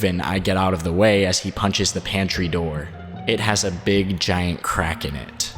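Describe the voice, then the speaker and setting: A man narrating a documentary, reading a first-person written statement aloud in a steady, measured way. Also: low voice. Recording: long reverb, faint background music.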